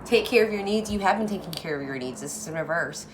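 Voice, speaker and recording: A woman chatting casually through a tarot reading, effusive, moving from hushed asides to excited bursts. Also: lowish voice, quick pace, slight background noise. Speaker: tarot card reader.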